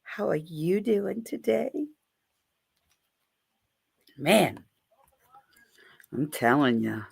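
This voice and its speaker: A woman's voice: sits low, sing-song, extremely slow, vocal fry, slightly rough. A woman hosting a live stream in a chatty, playful way, greeting viewers by name. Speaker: livestream host. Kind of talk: casual live-stream chat.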